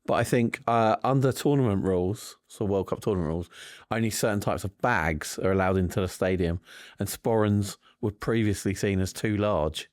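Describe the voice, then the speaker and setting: A man hosting a comedic news quiz podcast, joking in deadpan asides. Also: lowish voice, moderate pace, dry recording, studio quality. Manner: jokey, deadpan asides, frequent laughter. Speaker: quiz host.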